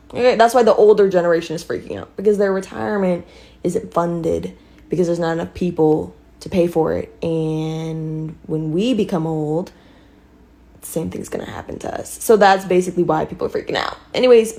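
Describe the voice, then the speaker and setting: A woman's voice: fairly low pitch, darkish tone. A young American woman explaining a point in a casual video, checking in with her viewers as she goes. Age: young adult. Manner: explaining, checks in with "okay?" and "you get what I'm saying".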